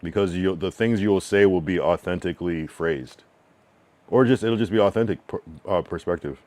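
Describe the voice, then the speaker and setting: A man from New England talks with his livestream chat in a deep, low voice. He reads the viewers' messages aloud and gives blunt, slangy feedback. He rambles casually, full of fillers and asides. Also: darkish tone, no echo. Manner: frank, loose, reads chat messages aloud and answers them; drawn-out slang-filled musing with many fillers.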